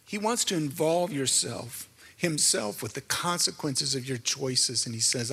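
A man's voice: a little high, lively intonation, a little slow, gravelly, a bit bright, breathy edge. A man giving a sermon with a personal testimony, telling his story in an earnest, emotional way. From Canada. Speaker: minister. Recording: hall with long reverb.

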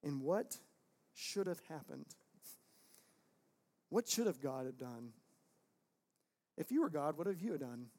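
A man in his thirties preaching a sermon in a church, dropping to quiet, intimate tones and then breaking into loud, emphatic outbursts. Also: fairly high pitch, sing-song, slow pace, pauses often. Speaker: pastor.

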